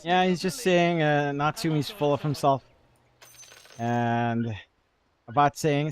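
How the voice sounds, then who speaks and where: Upbeat higher-voiced male game caster. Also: fairly even intonation, slow pace. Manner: analytical, joking banter with co-caster. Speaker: esports commentator. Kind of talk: live game commentary.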